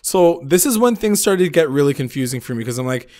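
A man's voice: a little high, animated, quick pace, a little mellow. A man co-hosting a TV recap podcast in casual chat, rambling and swearing, saying "like" constantly and acting out the characters' lines. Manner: rambling, profane, heavy use of "like"; acts out characters' lines in retelling. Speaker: podcast co-host.

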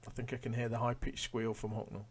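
A man hosting a pub quiz live from home, reading each question slowly and repeating it between relaxed, joking asides. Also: mid-range voice, breathy edge. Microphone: webcam or phone facing himself.

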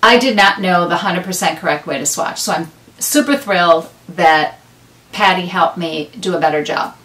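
Hosting a knitting podcast, a middle-aged woman talks casually to camera, wandering off on tangents and poking fun at herself. Her voice is on the lower side and a bit bright, at a normal speed. She's far from the mic, so the recording sounds roomy and a little off-axis.

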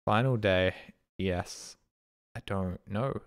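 A man's voice: sits low, slow pace. A man streaming a game, talking casually and at length in a rambling, puzzled way, swearing freely as he plays. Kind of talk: casual live gameplay commentary.

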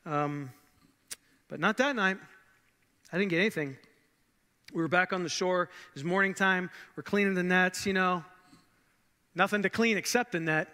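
A man playing a male fisherman disciple in the first person, telling the story in a casual, halting way, with long church reverb. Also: high voice, bright, forceful tone. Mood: reminiscing. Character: grown male fisherman disciple, plainspoken and awestruck. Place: church sanctuary.

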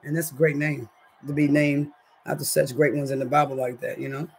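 A woman's voice: low-pitched, level tone, brisk, creaky, a little mellow. A woman hosting a casual livestream from her home kitchen, chatting in slang with her viewers and reading the chat, her throat scratchy. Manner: chatty, slangy, keeps addressing viewers as y'all.

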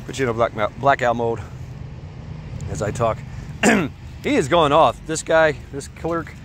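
A man's voice: medium pitch, lively intonation, takes it slowly, long pauses, a bit bright, slight background noise. Rambling man telling a story outdoors at night. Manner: rambling, full of fillers and restarts. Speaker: vlogger. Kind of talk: casual storytelling while walking a dog.

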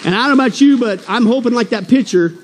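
A man preaching to a church conference in a very high voice, exuberant and animated, with loud bursts and sudden low asides. The long reverb of the hall trails behind every line. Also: quick pace, a little hiss or hum. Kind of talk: conference sermon.

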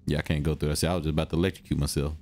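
A young man giving excitable, slangy commentary while playing a video game, talking to himself and hushing when the game gets quiet. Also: extremely low pitch, rapid-fire. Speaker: gaming video host. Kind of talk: let's-play commentary.

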